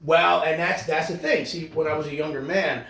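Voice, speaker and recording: A man's voice: fairly high pitch, steady tone, normal speed, fairly bright tone. A man co-hosting a podcast, ranting in casual, profane, sarcastic chat. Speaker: podcast co-host. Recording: roomy, distant mic.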